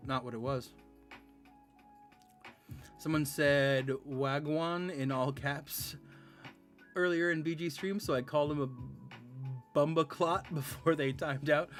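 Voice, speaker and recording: A man in his thirties chatting casually while streaming a game, rambling, sarcastic and laughing often. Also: mid-range voice. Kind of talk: casual live-stream chat.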